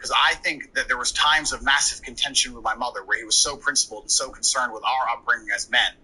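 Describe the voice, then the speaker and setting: A man's voice: mid-range voice, steady tone, sharp tone, husky, poor audio. A man in his thirties telling a story as a podcast guest, brash and profane. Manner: brash, profane, quick anecdotal delivery. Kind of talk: casual storytelling.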